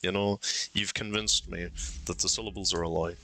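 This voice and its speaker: A man's voice: low-pitched, fairly even intonation, normal speed, pushed and bright, slight background noise. A young man streaming a puzzle game, thinking aloud and arguing his case insistently with himself. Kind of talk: live game commentary.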